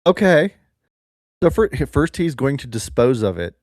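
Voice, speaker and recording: A man co-hosting a casual comedy podcast, wry and deadpan as he picks apart a story. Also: mid-range voice, normal speed, no echo, studio quality. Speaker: podcast co-host.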